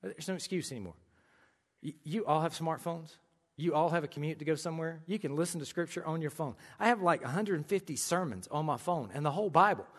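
Country-accented male pastor, high-pitched, preaching emphatically in a reverberant church. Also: lively intonation, quick pace. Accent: American country. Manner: emphatic preaching with folksy humorous asides. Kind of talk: sermon.

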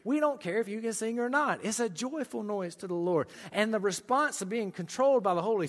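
A man's voice: sits high, animated, a little fast, hardly any pauses, in a large hall. A man with an American country accent preaching a sermon in a church, emphatic with folksy humorous asides. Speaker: pastor.

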